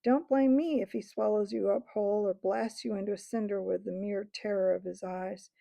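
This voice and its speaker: A woman's voice: mid-range voice, fairly even intonation, normal speed, vocal fry, no room sound, close to an everyday voice. A woman voicing a scheming, jeering male ape who taunts and bullies the crowd of beasts in a storybook reading. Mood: menacing. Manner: sneering, taunting, shouting orders. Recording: dull lo-fi recording.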